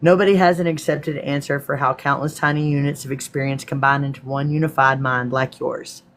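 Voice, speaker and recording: A man's voice: mid-range voice, level tone, fairly quick, fairly bright tone. A man with a Texan accent hosting a live stream, reading from a script and breaking off to answer viewers in a casual, swearing manner. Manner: casual, profane asides to viewers.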